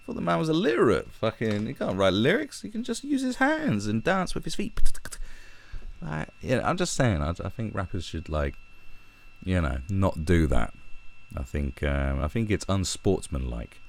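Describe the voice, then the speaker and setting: A man rants in a sarcastic, profane commentary, his low voice swinging widely in pitch. He talks like an online commentator venting to his viewers, with mocking asides. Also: sing-song, moderate pace, gravelly. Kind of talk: ranting commentary.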